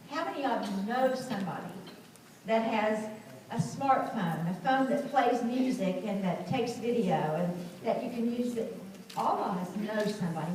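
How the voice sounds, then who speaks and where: A woman's voice: fairly high pitch, darkish tone, slight background noise. A woman governor, giving a folksy speech to schoolchildren at an assembly, explaining things simply. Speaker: state governor. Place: school assembly hall, indoors. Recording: echoey hall from far off.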